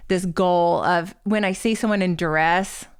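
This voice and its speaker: A woman's voice: fairly low pitch, fairly even intonation, measured pace, clear, resonant tone. A woman in her forties, a guest author telling a personal story in a candid, self-deprecating way on a podcast interview. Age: 40s.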